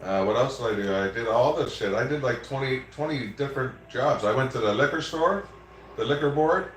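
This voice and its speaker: A man's voice: mid-range voice, animated, a little fast, far from the mic. A man talks loosely on a livestream and swears often as he strings his stories together. He sits back from the mic in an echoey room. A faint hiss runs under him. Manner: rambling, swears freely, storytelling. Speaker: livestream host. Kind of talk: casual chat.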